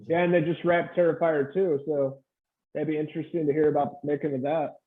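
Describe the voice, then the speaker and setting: A man with a fairly high voice speaks quickly and eagerly, coming through wireless earbuds. The audio is thin and phone-like. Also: flat delivery. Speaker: podcast co-host. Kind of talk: casual chat.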